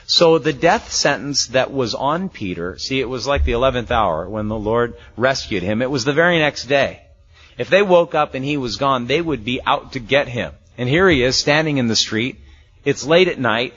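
With a mid-range, expressive voice that's a bit bright and breathy, a pastor speaks at an ordinary pace while teaching a Bible passage verse by verse. His style is conversational, full of chuckles and acted-out voices for the story's figures, and the sermon recording is muffled and lo-fi.

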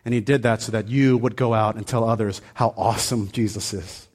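A man's voice: on the low side, steady tone, fairly quick, a little mellow. A man preaching a sermon as pastor, telling a personal story in a loose, conversational way full of fillers and restarts, then building into fervent, emphatic preaching.

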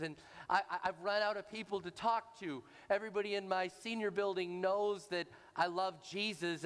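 A woman's voice: medium pitch, lightly acted. A man voicing his strict, devout widowed mother in her older years, earnest and insistently repeating herself. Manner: earnest, pleading repetition. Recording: long reverb of a large hall.

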